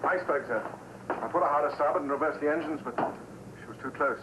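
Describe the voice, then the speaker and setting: A man's voice: a little high, quick pace, reverberant, highs cut off, noisy background, close to an everyday voice. An actor playing a ship's officer giving a clipped, urgent report to his captain in a dramatized film scene.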